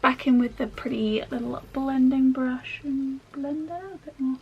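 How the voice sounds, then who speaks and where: A woman's voice: sits high, fairly even intonation, normal speed, husky, dull audio. A woman chatting her way through a makeup tutorial at home, rambling with self-mocking asides as she works. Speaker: makeup vlogger.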